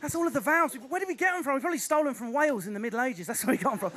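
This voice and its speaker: Man, Essex accent, high voice, frantic stand-up energy, stage set. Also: crowd noise. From Essex, England. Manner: fast, restless, animated delivery with sudden put-on voices. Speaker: stand-up comedian. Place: theatre stage before a live audience.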